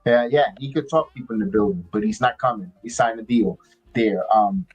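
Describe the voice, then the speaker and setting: A man's voice: on the low side, husky, muffled recording, soft background music. A man hosting a live watch-along, chatting casually and rambling with frequent restarts and fillers. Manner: rambling, halting, many restarts. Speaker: podcast host.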